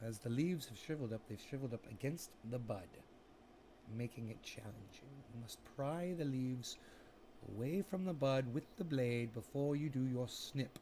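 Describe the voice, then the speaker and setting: A man hosting a casual livestream, using an affected, proper English-sounding persona. He talks in a theatrical, self-mocking way, narrating his own work and chiding a quiet chat with drawn-out repetitions. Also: mid-range voice, a little hiss or hum. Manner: drawn-out repetitions and mock indignation. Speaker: livestream host.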